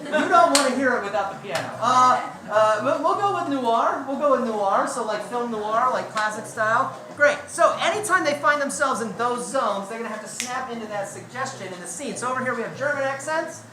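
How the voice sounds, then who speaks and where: A woman hosting a live improv comedy show, briskly and playfully explaining the games to the audience. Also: on the high side, expressive, crowd noise. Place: comedy club stage. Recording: echoey club room with audience.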